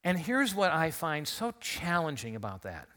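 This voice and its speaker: A man's voice: a little high, huge pitch swings, moderate pace, sharp tone. A man pastor giving an Easter sermon in a church, talking conversationally and leading the congregation in call-and-response after a recent illness. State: recovering from illness. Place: church sanctuary.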